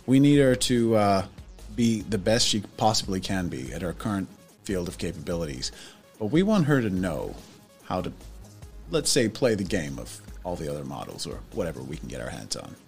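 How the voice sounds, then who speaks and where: A man's voice: sits low, sing-song, normal speed, gravelly, darkish tone, faint music behind. A man playing in a tabletop game, chatting casually and playfully. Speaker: player.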